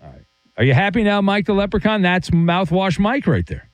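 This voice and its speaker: A man's voice: sits high, sing-song, brisk, dry recording, low-quality recording. Male sports radio host; playful teasing banter, dry studio tone. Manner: teasing, playful, mock-dramatic.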